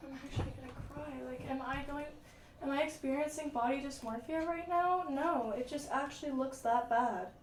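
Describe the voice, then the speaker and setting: A woman's voice: high-pitched, normal speed. A young woman livestreaming and answering viewer comments in casual chat. She talks dramatically, swears freely and fills her speech with "like" and "um.". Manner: chatty, dramatic, swears freely, many "like" and "um" fillers. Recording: roomy echo, distant from the mic, faint ambient noise.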